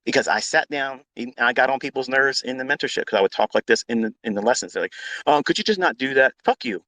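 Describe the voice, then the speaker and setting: A man who mentors traders, talking live to an online audience. He is blunt and combative, swears freely and hammers his points through repetition. His middle-pitched voice sits close and dry on the mic. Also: fairly even intonation, quick pace, sharp tone, no room sound. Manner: blunt, profane, combative, repeats himself for emphasis. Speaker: trading mentor. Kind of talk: live audio-room monologue.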